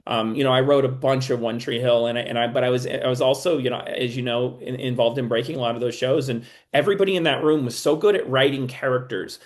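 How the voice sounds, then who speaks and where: Man, TV writer guest, casual interview talk, halting, many restarts. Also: mid-range voice, fairly even intonation. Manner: halting, restarts a lot while thinking.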